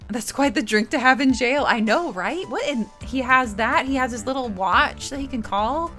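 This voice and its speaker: A woman's voice: sits high, lively intonation, normal speed, bright, forceful tone. A woman streamer giving casual, reactive commentary while playing a story game. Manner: reactive, exclaiming, chatty. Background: game music.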